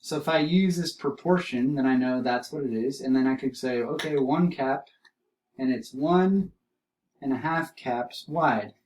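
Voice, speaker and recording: A man teaching an art lesson, explaining drawing steps and repeating key terms slowly as he demonstrates. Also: mid-range voice, a little mellow, recorded from a distance, poor audio.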